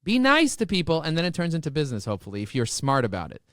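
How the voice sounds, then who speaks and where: A man's voice: fairly high pitch, racing, no room sound, studio quality. A man telling stories with great enthusiasm as a guest in a podcast interview. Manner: enthusiastic, excitable storyteller. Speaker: business guest.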